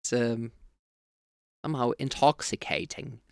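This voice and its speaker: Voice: mid-range voice, steady tone, measured pace, vocal fry, clean tone, no echo, clean studio sound. A streamer chatting casually with viewers while gaming, musing aloud and trailing off.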